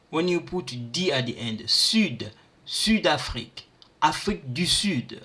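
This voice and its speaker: A man teaching pronunciation, repeating syllables and words slowly for learners. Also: fairly high pitch, sing-song, bright, forceful tone. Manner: slow, repeats sounds and words aloud for learners. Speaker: language teacher. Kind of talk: pronunciation lesson.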